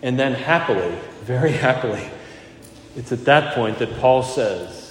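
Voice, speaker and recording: A man's voice: medium pitch, expressive, a little slow, slight background noise. A male pastor preaching a morning sermon with earnest emphasis, repeating his key phrases. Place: church sanctuary. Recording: echoey church hall.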